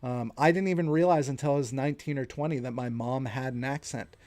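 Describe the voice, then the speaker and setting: Talking quickly, a late-thirties American man runs a solo podcast where he offers his views in an earnest, conversational manner. His voice sits at a medium pitch and has a little mellowness to it.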